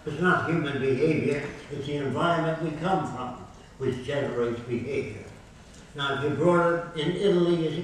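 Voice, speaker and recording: A man's voice: a little high, moderate pace, noisy background. An older man giving a public lecture in a university hall, speaking in emphatic, declarative statements and running through lists. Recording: very echoey hall, recorded from far off.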